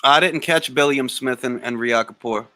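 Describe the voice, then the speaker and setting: A man hosting a live boxing Q&A, answering chat comments in a blunt, slangy, animated way. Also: medium pitch, normal speed, dry recording. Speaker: boxing talk show host.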